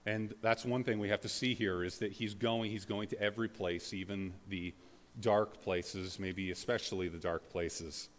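Preaching in a large hall, this male pastor speaks at a normal speed with a lowish voice and fairly even intonation. His sermon is casual and conversational, packed with fillers such as "like" and "you know," and punctuated by dramatic readings of scripture.

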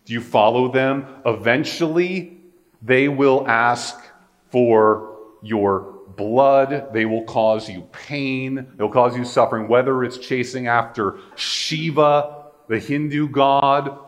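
A man's voice: medium pitch, slow. A man preaching a sermon in a casual, conversational way with joking asides.

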